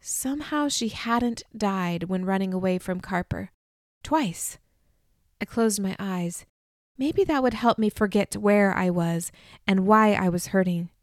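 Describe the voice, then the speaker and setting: Audiobook narrator: woman, measured expressive first-person reading, mid-range voice. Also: medium pitch, dry recording, studio quality.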